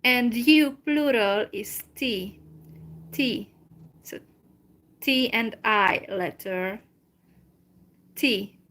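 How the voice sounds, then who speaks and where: Slow, careful woman teaching phrases. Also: on the high side, fairly bright tone. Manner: slow and careful, repeats phrases, many fillers. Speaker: language teacher. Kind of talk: slow informal language lesson.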